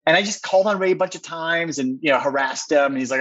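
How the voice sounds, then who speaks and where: A man with a husky, slightly rough voice tells a story as a podcast guest. He is excited and rambling, with fillers scattered throughout. The recording sounds a little dull and muffled. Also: on the high side, a little fast. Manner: excited, rambling, heavy use of "like". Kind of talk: animated storytelling in conversation.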